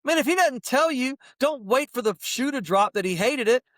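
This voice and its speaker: A middle-aged man hosts a casual motivational podcast, firing off blunt, preachy opinions with fired-up energy. His very high voice sounds animated and a bit bright, captured in a dry, studio-quality recording.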